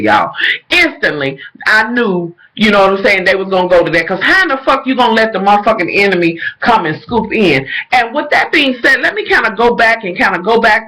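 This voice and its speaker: A man recapping a TV episode in casual, animated, profane chat, calling his viewers y'all. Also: very high-pitched, rough recording.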